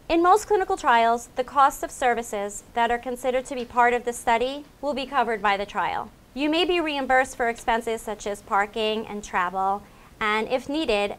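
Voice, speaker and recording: A woman with a slightly high voice reads a scripted explainer. Her delivery is clear and measured, in the even manner of a clinic staff member walking patients through the steps. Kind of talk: scripted informational narration.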